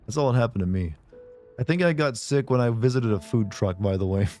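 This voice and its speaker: Hoarse, chatty male streamer. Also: mid-range voice, dark tone, soft background music. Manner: joking, chatty, quick laughs. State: hoarse from illness. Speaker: game streamer. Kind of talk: casual stream chat.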